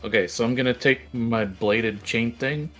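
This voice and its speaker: A young man playing a tabletop game in a relaxed, offhand way with easy laughs. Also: mid-range voice, normal speed, faint music behind. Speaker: player. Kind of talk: casual tabletop play.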